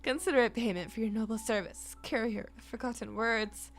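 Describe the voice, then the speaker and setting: A woman voicing a flamboyant, theatrical man in a game, speaking in a booming, grandly formal way. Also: brisk, lightly acted. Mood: boisterous. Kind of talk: game dialogue reading.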